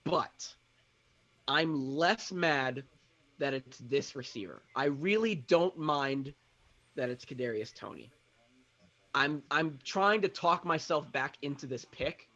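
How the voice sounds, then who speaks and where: A nervous man co-hosting a live draft reaction, voice pitched a little high for a man. He frets out loud and argues his way back to calm. The recording sounds dull and lo-fi. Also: takes it slowly. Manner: anxious, talks himself through it. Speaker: sports show co-host.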